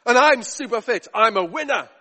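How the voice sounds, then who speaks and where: Man doing a cocky bragging husband, kinda high voice, lots of hall echo. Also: lively intonation, moderate pace, sharp tone, full character voice. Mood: boastful. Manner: brash, swaggering self-praise. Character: boastful ancient husband, cocky self-assured man.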